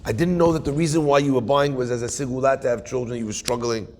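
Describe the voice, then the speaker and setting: A man's voice: mid-range voice, fairly even intonation, quick pace, darkish tone, lightly acted. A man voicing a remorseful pleading man. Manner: earnest, pleading, subdued. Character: remorseful adult man begging forgiveness.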